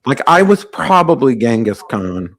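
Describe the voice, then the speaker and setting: A man's voice: medium pitch, big pitch swings, a little slow, fairly bright tone, slight background noise. A man hosting a live call-in podcast, talking in a brash, joking, rambling way. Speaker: podcast host.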